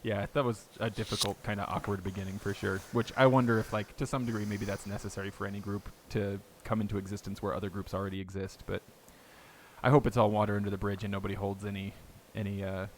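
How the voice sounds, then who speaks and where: A man's voice: fairly low pitch, level tone, fast talker, slight background noise. A man hosting a podcast, talking casually and rambling, often laughing as he tells stories. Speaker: podcast host.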